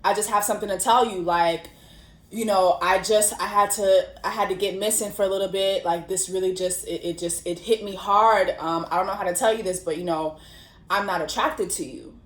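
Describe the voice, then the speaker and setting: A halting young husband, played by a woman, rushing through his words in a hesitant, mumbling way. The voice sits lower than her own talk. It echoes in a roomy space. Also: steady tone, lightly acted.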